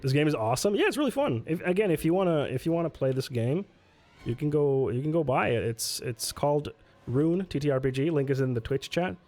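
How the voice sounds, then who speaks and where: A man's voice: a little high, brisk, a little mellow, soft background music. A man casually playing through a solo tabletop game on stream, reading rules aloud, answering chat and laughing often. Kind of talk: casual livestream play-through.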